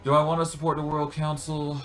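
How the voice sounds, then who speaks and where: A man's voice: fairly high pitch, completely flat delivery, fairly quick, a bit bright, soft background music. A man streaming a video game, musing and joking casually as he decides his moves. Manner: musing, jokey. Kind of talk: casual gameplay commentary.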